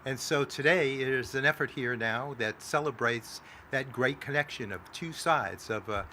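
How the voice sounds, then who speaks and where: Halting male politician at a podium. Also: medium pitch, bright, forceful tone, a little hiss or hum. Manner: halting, many "uh" fillers. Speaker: congressman. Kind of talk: speech at a press event.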